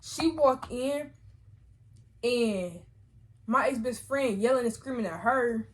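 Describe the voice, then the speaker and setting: A young woman vlogger telling a storytime with lively, slangy chatter and quick self-corrections. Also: on the high side. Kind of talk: casual storytime chat.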